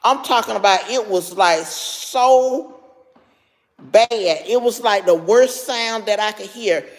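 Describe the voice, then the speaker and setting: A woman's voice: mid-range voice, takes it slowly, big-room sound. A middle-aged woman with heavy, labored breathing tells a story to her live chat, stopping now and then to answer viewers by name. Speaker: livestream host.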